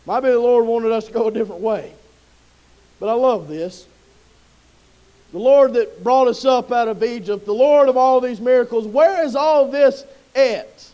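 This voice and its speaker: A man's voice: extremely high pitch, a little mellow, dull audio. A man preaching a sermon with impassioned storytelling.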